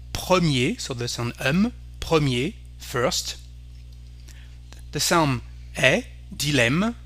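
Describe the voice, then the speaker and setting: A man with a French accent teaching pronunciation, saying each word slowly and carefully and repeating it for the learner. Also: mid-range voice, pushed and bright. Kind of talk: pronunciation lesson.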